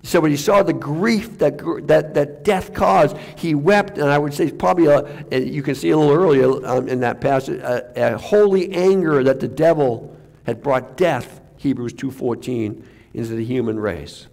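A male pastor delivering a conversational sermon in a slightly high, gravelly voice. He restarts his sentences often and sometimes sinks almost to a whisper. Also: moderate pace, a little mellow. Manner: conversational, with restarts and sudden drops to near-whisper.

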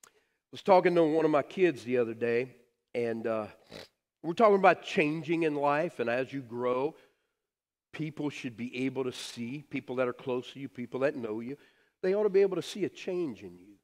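A middle-aged man preaching a sermon as pastor, telling stories with animated emphasis that drops to soft, quiet phrases. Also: mid-range voice, moderate pace. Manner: animated storytelling, swings from loud emphasis to soft near-whispers. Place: church sanctuary. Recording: long hall reverb.

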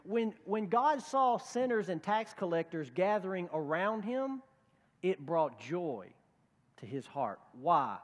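A man's voice: sits high, sing-song, takes it slowly, in a large hall. A male pastor preaching a conversational sermon, acting out the voices of the people he quotes. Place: church sanctuary.

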